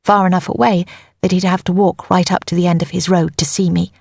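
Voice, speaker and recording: A woman's voice: on the low side, level tone, brisk, creaky, darkish tone, no echo. A woman narrating a tense first-person audiobook on a close mic, in an urgent storytelling manner.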